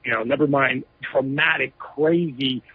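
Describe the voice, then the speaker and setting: A man's voice: medium pitch, steady tone, a little slow, husky. A man being interviewed, telling a story emphatically with lots of "you know" fillers over a phone line. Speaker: interview guest.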